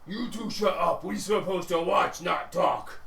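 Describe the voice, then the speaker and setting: A man's voice: high voice, a little slow, roomy sound, recorded from a distance, full character voice. A man voicing dim-witted quarrelsome ogres and trolls, speaking in broken grammar. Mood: angry. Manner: broken grammar, gruff, shouting.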